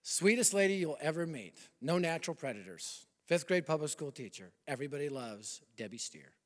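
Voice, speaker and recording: A man in his fifties preaching a sermon and telling a personal story, animated, swinging between loud bursts and hushed confessional lines. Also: fairly high pitch, fairly quick. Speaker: pastor. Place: large church hall. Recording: long hall reverb.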